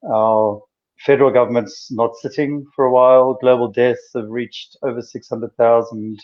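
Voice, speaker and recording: A man's voice: mid-range voice, fairly even intonation, normal speed, dull audio. A man, a doctor, chatting on a casual video podcast from a room in a mountain house, telling stories with earnest animation. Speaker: doctor and co-host.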